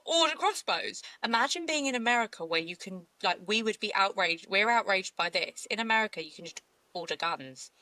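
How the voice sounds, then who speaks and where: A woman co-hosting a casual true-crime podcast, animated and outraged, often laughing. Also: mid-range voice, a little fast, no echo. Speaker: podcast co-host.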